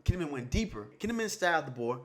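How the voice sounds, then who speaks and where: A man hosting a live manga reaction, reading panels aloud and reacting excitedly in loose, slangy casual talk, often repeating himself. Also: a little high, quick pace. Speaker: manga reaction channel host.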